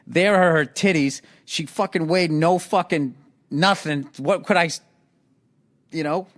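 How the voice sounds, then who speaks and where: A man with a Boston accent spins a profane, animated story in casual podcast chat, breaking into laughter. His voice sits a little high for a man. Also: unhurried. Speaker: podcast host.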